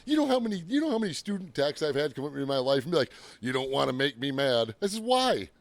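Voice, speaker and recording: A man's voice: fairly high pitch, very animated, quick pace, no room sound. A man co-hosting a podcast, telling rambling shop stories in casual chat and laughing often. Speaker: podcast co-host.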